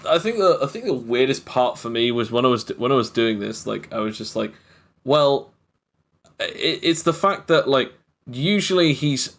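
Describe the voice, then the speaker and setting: A man's voice: mid-range voice, fairly bright tone. A man hosting a podcast as game master, chatting casually in long, rambling explanations. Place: live-streamed podcast.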